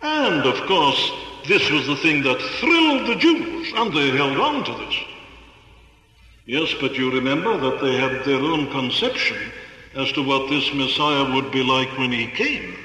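A man's voice: mid-range voice, big pitch swings, a little slow, bright, forceful tone. Man preaching in an echoey hall. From Wales. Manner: earnest, rhetorical, with emphatic repetition. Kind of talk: sermon. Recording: echoey hall with long reverb.

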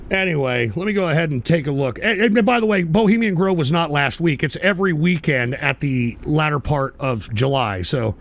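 An older man hosting a live show, hurling profane, shouting tirades at his chat. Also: high-pitched, vocal fry. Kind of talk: ranting live-stream talk.

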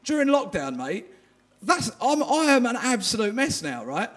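A man's voice: very high-pitched, sing-song, moderate pace. A man doing a stand-up comedy set in a live venue, trading crude, self-deprecating banter with the crowd.

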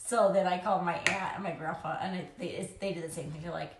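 A woman's voice: on the low side, steady tone, quick pace, background noise. A young woman chatting casually into her phone camera at home while doing her makeup, rambling and laughing often. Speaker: vlogger, mom of three. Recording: echoey room.

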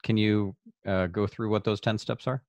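A male podcast host asking a guest a question in a measured way, with hesitations. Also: fairly low pitch, fairly even intonation, darkish tone, no echo. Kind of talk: interview questions.

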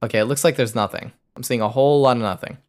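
A man's voice: medium pitch, racing. A young man streaming a game, muttering a loose running commentary to himself as he plays. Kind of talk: live gameplay commentary.

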